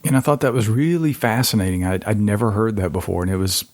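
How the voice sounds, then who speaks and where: A man's voice: fairly low pitch, fast, a little mellow, dry recording. A man hosting a podcast interview, thoughtful and slightly hesitant, repeating words as he goes. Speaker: podcast host. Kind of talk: interview chat.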